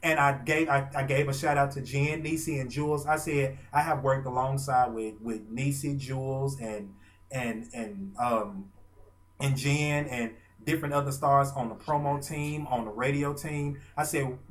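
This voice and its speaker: Animated man telling a story. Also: mid-range voice. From Arkansas. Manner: animated, gushing retelling with dramatic pauses. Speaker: vlogger and fan. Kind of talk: casual storytelling.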